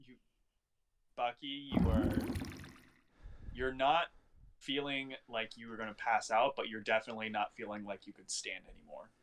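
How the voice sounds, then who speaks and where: Brief: male game master with a bright, forceful voice at a middle pitch. He narrates casually and stops and restarts his thoughts while he leads the game. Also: fairly even intonation, moderate pace, pauses often, a little hiss or hum. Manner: loose, chatty narration with many restarts.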